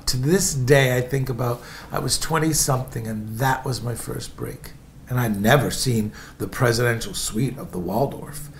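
A man's voice: mid-range voice, a little hiss or hum. A man from Indiana telling stories from his life in a rambling, chatty way and calling his listeners folks. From Indiana, USA. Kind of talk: casual memoir storytelling.

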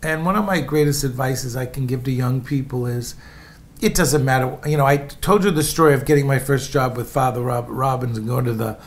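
A man's voice: mid-range voice, a little fast. A man from Indiana telling stories from his life in a rambling, chatty way and calling his listeners folks. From Indiana, USA. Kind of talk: casual memoir storytelling.

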